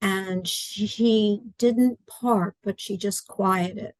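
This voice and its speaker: A woman's voice: medium pitch, steady tone, very slow, no room sound. A middle-aged woman talking casually as an interview guest on a video call from home, earnest and chatty, acting out her own quotes. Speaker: guest, adaptive curriculum writer. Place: at home in a study.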